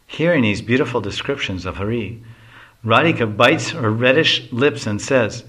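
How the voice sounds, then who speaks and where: A man's voice: medium pitch, expressive, moderate pace, fairly bright tone, breathy edge. A man reading a devotional story aloud, adding casual asides to explain. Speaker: reader.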